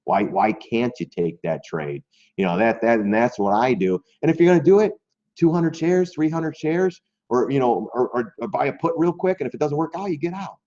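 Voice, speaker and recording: A man's voice: medium pitch, expressive, normal speed, dark tone. A man hosting a stock trading live stream in a loose, rambling way, talking straight to his viewers and often repeating words. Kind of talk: casual live stream commentary. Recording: dull lo-fi stream audio.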